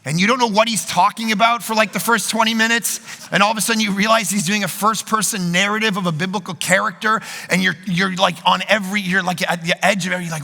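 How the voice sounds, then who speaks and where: A man preaching at a conference in a large hall, telling quick, joking, self-deprecating stories. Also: high-pitched, creaky, pushed and bright. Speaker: pastor. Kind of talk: conference sermon. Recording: long hall reverb.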